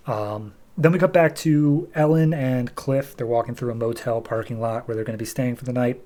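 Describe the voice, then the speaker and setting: A man's voice: medium pitch, normal speed, hardly any pauses, warm tone. A young adult man with a mid-range voice recaps a comic on his podcast. He speaks loosely and casually, with frequent fillers and restarts. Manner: loose, filler-heavy, acts out dialogue. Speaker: podcast host.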